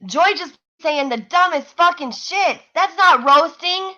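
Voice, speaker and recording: Loud, mocking woman ranting on a livestream. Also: extremely high pitch, highs cut off. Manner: profane, mocking, fast-ranting. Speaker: livestream host. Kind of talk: heated live-stream commentary.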